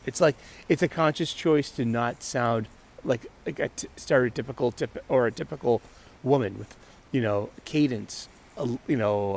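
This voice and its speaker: A man of middle pitch talks on his own as host of a casual show. He rambles, stopping and restarting his thoughts and laughing often, with a faint noise under the recording. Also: normal speed, darkish tone. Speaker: podcast host. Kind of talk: casual solo chat.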